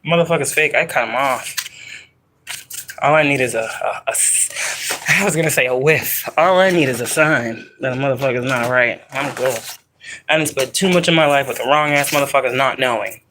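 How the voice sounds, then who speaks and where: A woman's voice: very deep voice, brisk, fairly bright tone, slight background noise, low-quality recording. A woman doing a psychic tarot reading for her viewers in a casual, rambling way, swearing often and pressing her points hard. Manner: profane, rambling, emphatic.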